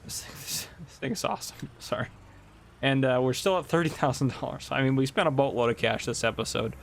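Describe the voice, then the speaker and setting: Man, gravelly, mid pitch, casual gameplay commentary, chatty storyteller. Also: a little fast, slight background noise. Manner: chatty, laughs while telling stories. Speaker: gameplay host and police officer.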